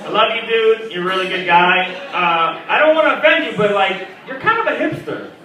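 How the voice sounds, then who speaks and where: A man's voice: high voice, brisk. A young man performing a crude, mocking stand-up comedy set full of voiced quotes. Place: comedy club stage. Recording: echoey club mic from a distance with crowd. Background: audience laughter.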